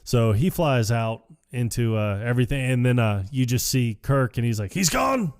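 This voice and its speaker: A man co-hosting a podcast, chatting casually through a film's plot. He breaks into animated voices to quote characters. His voice sits at an ordinary pitch and sounds dry and close. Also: normal speed, clean tone, dry recording. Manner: acts out lines with animated voices. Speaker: podcast co-host. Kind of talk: casual chat recapping a film.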